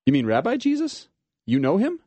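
A man voicing an angry, suspicious townsman in a dramatic reading, in a sharp, hostile way. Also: mid-range voice, expressive, a little fast, breathy edge, dry recording.

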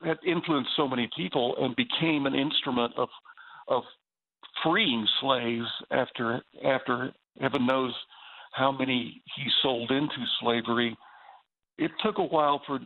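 A man's voice: mid-range voice, measured pace, creaky. A man with a Southern US accent, a guest on a faith talk show, speaking earnestly and with enthusiasm. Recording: tinny phone line.

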